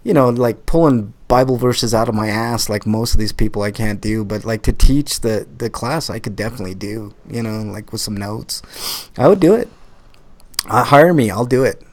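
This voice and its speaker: A man's voice: lowish voice, normal speed. Guy hosting a live podcast, casual, swears a lot, trips over his first words. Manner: animated, swearing, repeats words when starting. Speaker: podcast host.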